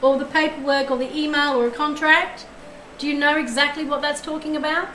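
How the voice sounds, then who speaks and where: A woman's voice: sits high, steady tone, fairly quick, bright, forceful tone, reverberant, slight background noise, poor audio. A woman streaming live tarot readings, chatting effusively and thanking her viewers as she goes.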